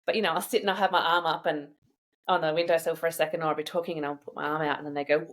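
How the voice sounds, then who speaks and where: Chatty low-voiced woman telling stories. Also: very fast, a little hiss or hum. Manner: chatty, animated storyteller who laughs often. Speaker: guest sharing her own experience. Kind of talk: casual conversational interview.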